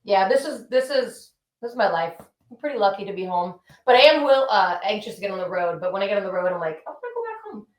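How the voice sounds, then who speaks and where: A woman's voice: mid-range voice, animated, fast. A woman in her thirties, a punk band musician, telling stories animatedly in a casual interview chat from her home, swearing freely. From Southern California. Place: home, indoors with dogs. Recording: echoey room.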